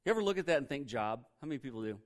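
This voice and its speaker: A man's voice: medium pitch, big pitch swings, very fast. A male pastor preaching a sermon in a conversational way, asking the congregation questions and laughing at himself now and then.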